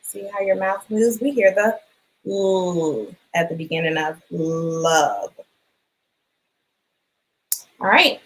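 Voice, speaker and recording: A woman teacher giving a phonics lesson for young children, sounding out letters and words clearly and encouraging them. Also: lowish voice, takes it slowly, long pauses, rough recording. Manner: encouraging, asks questions and waits.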